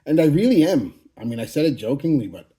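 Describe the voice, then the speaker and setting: A fast-talking, very animated man in his forties, with a slightly high but dark-toned voice, hosts a fragrance channel and gives a casual update monologue. His speech is blunt and profane, rambling with frequent restarts.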